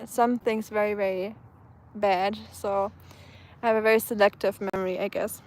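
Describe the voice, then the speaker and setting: A woman from Germany, speaking with a German accent, chats casually on an outdoor live stream on a sunny day and answers viewers' comments. Her mid-range voice is fairly even and moderately paced, full of fillers and restarts.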